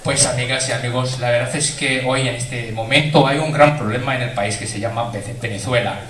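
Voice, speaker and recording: A suave, flirty Venezuelan man, voiced by a male comic, lower and softer than the comic's own voice. He drags out "eh" and tags his points with "¿no?". The sound is roomy and distant, with a loud audience around it. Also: steady tone, noisy background, lightly acted. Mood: earnest. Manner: drawn-out "eh" fillers and "¿no?" tags. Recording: echoey theater, far mic, loud laughing crowd.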